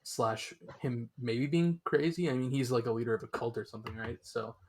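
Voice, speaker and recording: A man's voice: mid-range voice, fairly quick, husky. A young man co-hosting a podcast in casual chat, rambling with lots of fillers and restarts. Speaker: podcast co-host.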